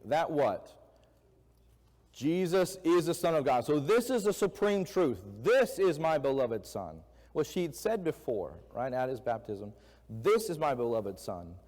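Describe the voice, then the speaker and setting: In a church sanctuary, a man preaches a conversational sermon, often putting questions to the congregation. His voice is on the high side with a darkish tone, and the hall is echoey.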